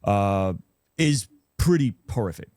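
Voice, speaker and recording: A man interviewing a guest in a friendly, relaxed way, often affirming what he says. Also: lowish voice, unhurried, clean tone, no echo, clean studio sound. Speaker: podcast interviewer. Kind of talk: casual interview chat.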